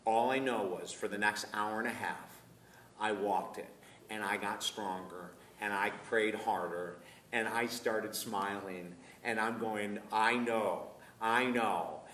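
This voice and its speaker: Male minister-teacher, animated storyteller, bright tone, roomy live recording with faint background noise. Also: on the low side, a little slow, far from the mic. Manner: animated, laughs often, acts out dialogue. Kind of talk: personal storytelling talk to a live group. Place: room filmed live.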